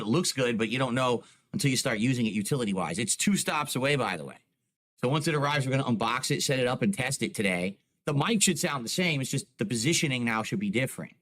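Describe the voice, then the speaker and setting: A man with a medium-pitched, fairly bright voice streams from home, chatting casually with his live chat. He explains things using a lot of "like" and "you know," close on a desk microphone on a boom arm.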